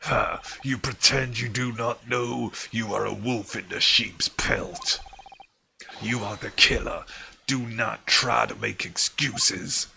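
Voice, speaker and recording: A man voicing a gruff, stern police officer while reading game dialogue aloud. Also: lowish voice, fairly even intonation, takes it slowly, bright, forceful tone, slight background noise, full character voice. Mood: stern accusing. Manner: gruff, accusing, heavy broken English.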